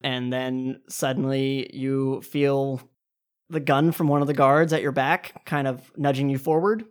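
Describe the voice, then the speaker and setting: A woman's voice: extremely low pitch, steady tone, a little slow. A woman narrating as game master of a tabletop game in a casual, loose way. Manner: casual, filler-heavy narration.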